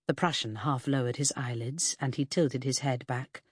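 A reader narrating a period mystery audiobook in a measured, husky voice. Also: male voice, medium pitch, steady tone, no echo, clean studio sound. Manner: measured storytelling. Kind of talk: scripted narration.

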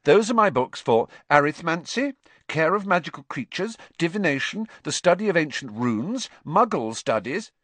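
A man's voice: fairly high pitch, very animated, moderate pace, fairly bright tone, dry recording, voice pushed up. A man voicing an earnest, bossy teenage girl who speaks in a serious, precise and slightly superior way.

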